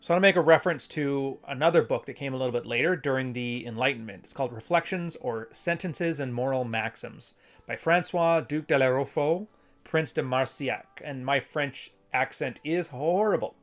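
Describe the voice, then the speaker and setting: Guy rambling through his solo podcast, mid pitch, faint music behind. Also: a little fast. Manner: rambling, conversational, self-correcting. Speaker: podcast host. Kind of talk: casual solo commentary with read-aloud passages.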